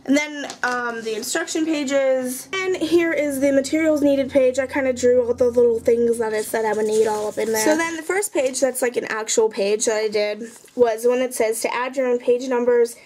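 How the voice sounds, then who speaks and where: Chatty high-voiced young woman. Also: moderate pace, hardly any pauses, darkish tone, slight background noise. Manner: chatty, rambling, self-mocking. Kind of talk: casual show-and-tell vlog.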